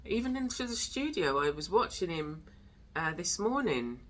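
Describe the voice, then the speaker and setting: A woman hosting her arts and wellness vlog chats loosely, full of fillers and trailing thoughts, as she carries a handheld camera from her home studio into the garden. Her voice is lowish and a bit bright, sing-song, at normal speed.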